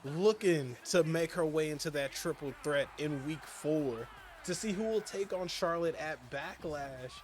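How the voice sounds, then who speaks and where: A man with a Southern US accent doing casual video game commentary with a co-host, playful and quick to laugh. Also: fairly high pitch, a little hiss or hum. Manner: playful, laughs often, talks excitedly in bursts.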